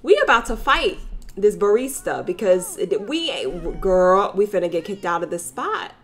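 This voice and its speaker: A woman's voice: medium pitch, moderate pace. A woman giving sassy, joking commentary while playing a life-sim video game. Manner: sassy, animated, slangy and joking. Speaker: let's play gamer.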